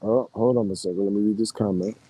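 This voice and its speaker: A man live streaming in relaxed, slangy casual chat, greeting his viewers as he talks. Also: lowish voice, fast talker, breathy edge, no echo.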